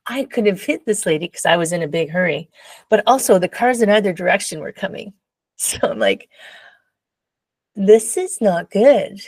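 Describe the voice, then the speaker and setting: A woman guest tells a personal story in a casual interview, animated and laughing often as she acts out her own past voice. Her voice is lowish and a little fast, and the recording is dry.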